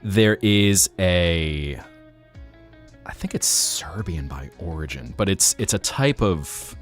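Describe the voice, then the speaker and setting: Animated, low-voiced male streamer. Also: slow pace, soft background music. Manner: animated, rambling, jokey. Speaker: live stream host. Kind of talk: casual live stream chat.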